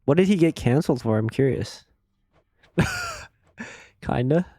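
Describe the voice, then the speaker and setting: A man's voice: mid-range voice, animated, a little fast, warm tone, dry recording. A man live-streaming a game, chatting casually and crudely with his audience in a rambling way. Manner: rambling, crude, laughs easily.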